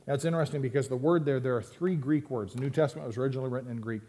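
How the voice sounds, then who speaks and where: A man's voice: mid-range voice, fairly quick, dark tone. A man preaching a sermon to his church, reading scripture and explaining it in a conversational way with emphatic rises and asides. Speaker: pastor.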